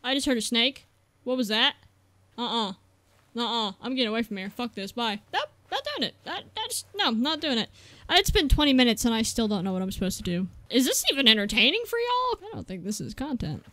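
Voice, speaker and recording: A woman's voice: fairly high pitch, very animated, a little fast, a bit bright, no room sound. A young woman commentating a horror game let's play for her viewers, jumpy, swearing and laughing at her own fear. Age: young adult. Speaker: gaming YouTuber.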